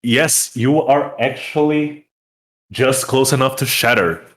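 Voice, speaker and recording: A man's voice: mid-range voice, steady tone, takes it slowly, fairly bright tone. A young man running a tabletop game as dungeon master, describing scenes in a rambling way full of fillers.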